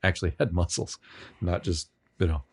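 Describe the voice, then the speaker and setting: A man being interviewed on a podcast, telling rambling, self-deprecating stories with many halting restarts. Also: sits low, fairly even intonation, a little mellow, husky. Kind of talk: casual storytelling.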